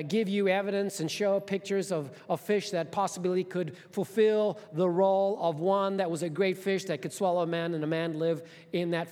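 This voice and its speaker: A male pastor preaching with a notably high voice, lively and storytelling in manner. His words ring out with long reverb from a large church hall. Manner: storytelling, animated, conversational asides. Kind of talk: sermon.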